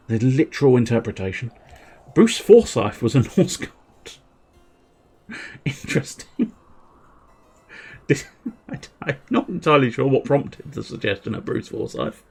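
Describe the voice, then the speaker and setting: A man's voice: on the low side, expressive, normal speed, creaky. A man chatting on a gaming livestream in a wry, joking way and laughing often. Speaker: gaming streamer. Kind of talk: casual livestream chat.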